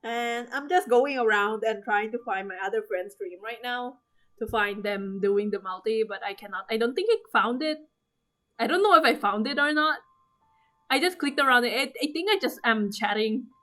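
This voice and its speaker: A woman recapping her game pulls in casual commentary, excitable and swearing, acting out her own squeals. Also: a little high, normal speed, soft background music. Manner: trails off with fillers and restarts. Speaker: gaming vlogger. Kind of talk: casual gaming commentary over gameplay.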